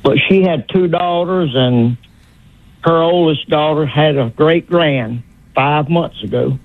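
A man's voice: a little high, takes it slowly, no echo. An older man calling in to a radio show, speaking politely and saying "sir". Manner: polite, says "yes, sir". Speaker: caller. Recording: tinny phone line.

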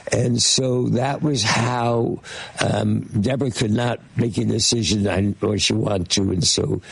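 An older man with a gravelly, husky voice tells long, meandering stories, stumbling over fillers and restarts. He slips into quick imitations of the people in them. The sound is close and dry, with no room around it. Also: fairly low pitch, dry recording, low-quality recording. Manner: rambling storyteller with many fillers and restarts; lively, mimics voices in his stories. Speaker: guest. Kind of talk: casual anecdote telling.

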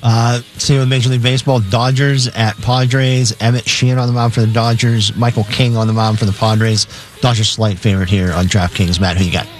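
A man's voice: medium pitch, little pitch movement, a little fast, faint music behind. A man co-hosting sports radio, plainly reading out game matchups and odds. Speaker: sports radio co-host reading betting lines.

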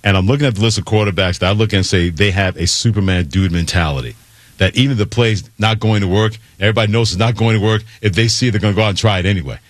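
A man co-hosting a sports radio show, his delivery quick and emphatic. His voice sits on the low side. The sound is dry and close, with no room around it. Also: no echo. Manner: emphatic, rapid-fire opinions.

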